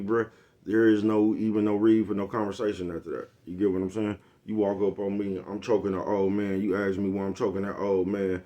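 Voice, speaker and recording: Low-voiced man in a rambling monologue. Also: a little mellow. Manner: rambling, profane, keeps asking "you know what I'm talking about". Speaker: vlogger. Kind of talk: casual monologue.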